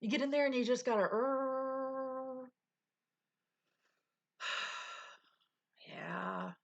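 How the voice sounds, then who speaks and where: On a muffled recording, a middle-aged woman speaks slowly in a slightly high, creaky voice with a breathy edge and lively intonation. She's hosting a casual livestream, candidly chatting and often laughing with viewers as she recovers with little energy.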